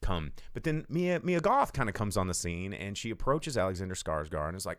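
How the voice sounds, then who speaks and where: Male host, low voice, dry close mic, casual irreverent movie-recap rambler. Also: big pitch swings, a little fast, no room sound. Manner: rambling, irreverent, swears freely. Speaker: podcast host. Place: home studio.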